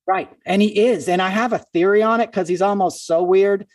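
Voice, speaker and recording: A man spinning lively backstage stories as a guest, tossing in quick asides. His voice sits fairly high for a man, and he sounds a little distant from the mic, with a dry sound and no room echo. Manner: animated storyteller, quick asides. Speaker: comedian and podcast host, guest. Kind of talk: casual phone-in interview storytelling.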